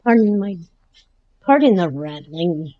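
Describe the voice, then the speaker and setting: A woman's voice: lowish voice, very animated, unhurried, phone-quality sound, a little hiss or hum. Chatty woman narrating her game at home. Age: 40s. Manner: chatty, talks to the game characters and her dog as she plays. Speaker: gameplay commentator. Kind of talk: casual game commentary. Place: at home with her dog nearby.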